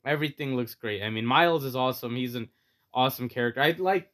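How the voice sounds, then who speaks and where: A man's voice: mid-range voice, fast, a bit bright. A man co-hosting a casual chat show, talking eagerly and with strong opinions, with lots of "like" and "I mean". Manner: eager, opinionated fan talk with many fillers. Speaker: podcast co-host.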